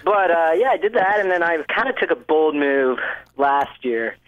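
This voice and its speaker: A man's voice: fairly high pitch, lively intonation, normal speed. A man being interviewed about his acting work, talking in a chatty, self-deprecating way full of restarts. His voice sounds young and stuffy, like a small child with a cold. The recording is dull and lo-fi. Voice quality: sounds like a five-year-old with a cold. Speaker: guest actor. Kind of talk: casual interview chat.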